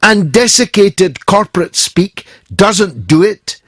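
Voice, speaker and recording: A Scottish man hosting a talk radio phone-in, delivering slow, emphatic oratory with dramatic pauses. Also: high voice, animated, fairly bright tone, husky, no room sound, clean studio sound. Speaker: radio talk show host.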